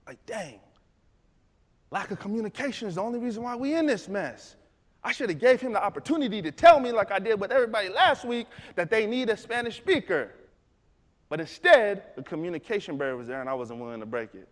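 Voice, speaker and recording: Animated man telling a story in a hall. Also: high voice, a little fast. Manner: animated, conversational. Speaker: motivational speaker. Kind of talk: storytelling talk. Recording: echoey hall.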